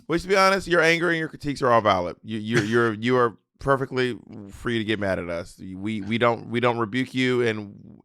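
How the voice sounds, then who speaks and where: A man co-hosting a casual chat show with a smooth, resonant voice. He talks in an animated, campy way and throws in quick asides. The sound is dry and close. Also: mid-range voice, no echo. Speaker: podcast co-host.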